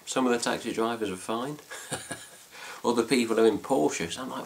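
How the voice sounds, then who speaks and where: A man's voice: mid-range voice, normal speed, gravelly. A man with an English accent chatting casually to camera about a trip, rambling with fillers and mild swearing. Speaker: fan site vlogger. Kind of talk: casual chat.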